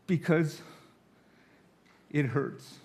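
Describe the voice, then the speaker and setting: A man's voice: a little high, very slow, creaky, a little mellow. Male guest preacher, nervous but candid, confessional sermon delivery, acts out quoted voices. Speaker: guest speaker. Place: church sanctuary.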